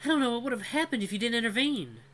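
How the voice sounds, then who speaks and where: A storyteller voicing a clever, sharp-tongued young female wolf who runs a bakery. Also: mid-range voice, lively intonation, pitched above the performer's own voice, lightly acted. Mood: sassy. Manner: quick, sassy, sharp.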